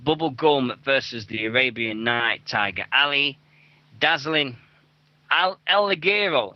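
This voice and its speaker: A man's voice: mid-range voice, expressive, measured pace, sharp tone, slight background noise. A young man hosting a wrestling radio show, rambling through event listings with plenty of swearing and self-mockery. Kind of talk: casual show chat. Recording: dull lo-fi dry recording.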